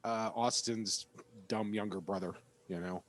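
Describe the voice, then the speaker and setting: Relaxed man chatting casually. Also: fairly low pitch. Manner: relaxed, halting with fillers. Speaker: podcast co-host. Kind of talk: casual chat.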